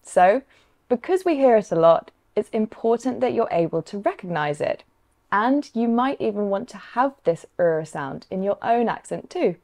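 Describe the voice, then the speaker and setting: A woman with a Southern English accent, teaching English pronunciation. She explains clearly and encouragingly in a mid-pitched voice. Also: very animated, normal speed, darkish tone. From south of England. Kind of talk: scripted lesson dialogue.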